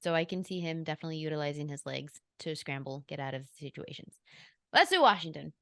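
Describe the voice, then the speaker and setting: A woman's voice: sits low, animated, quick pace, creaky, fairly bright tone. A woman hosting a sports betting show, chatting casually about picks and laughing often.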